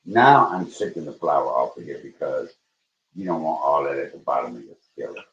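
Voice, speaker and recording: A man chats to his livestream viewers while he cooks, calling them y'all. His voice sits very low but swings into sudden high, excited bursts. The sound is roomy and a little dull, like a home kitchen heard through a modest stream mic. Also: moderate pace. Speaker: livestream host cooking. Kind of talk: casual livestream cooking chat.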